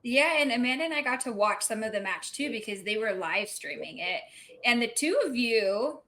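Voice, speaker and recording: A woman taking part in a podcast chat as a guest, enthusiastic and quick to laugh. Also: fairly high pitch, animated, pushed and bright. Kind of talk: casual chat.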